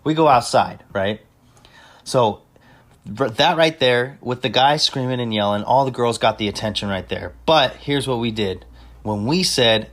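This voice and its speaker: A man's voice: mid-range voice, unhurried, fairly bright tone. A young man telling a party story in casual chat, swearing freely and bragging, with street slang. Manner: profane, boastful, street slang. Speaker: podcast host telling a story.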